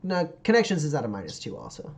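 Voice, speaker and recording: A man narrating as game master of a tabletop game, halting with many fillers. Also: a little high, huge pitch swings, a little mellow. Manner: halting, lots of fillers and laughs.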